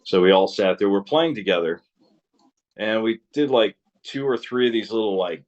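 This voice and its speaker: Brief: man, 30s, very low voice, loose rambling storyteller who cusses, slightly muffled lo-fi sound. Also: moderate pace, a little mellow. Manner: rambling storyteller, swears freely, laughs often. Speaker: interview guest, musician. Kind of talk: casual interview chat.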